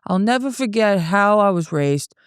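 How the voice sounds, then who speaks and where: A woman's voice: mid-range voice, animated, normal speed, clean tone, dry recording, clean studio sound. A young woman from the Boston area with a Boston accent, hosting a solo podcast and rambling through stories while drinking beer. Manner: profane, rambling, tipsy storytelling with frequent restarts. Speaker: podcast host and comedian. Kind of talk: casual solo podcast rant.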